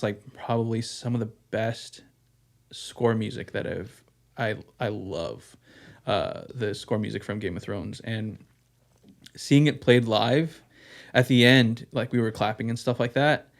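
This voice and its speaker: A young man on a casual podcast talks candidly at an ordinary pitch. He rambles through his thoughts, piles on fillers like "um" and "like", and swears without holding back. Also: gravelly. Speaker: podcast co-host.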